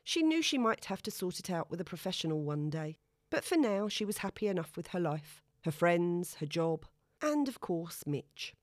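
The studio-quality recording has no room sound, just a woman's lowish voice at a normal pace as she narrates a novel. Her scripted audiobook reading is wry and even.

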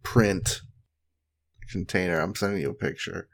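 A man co-hosts a podcast, chatting casually and reading product reviews aloud in a wry, mock-earnest way. His voice is low and unhurried.

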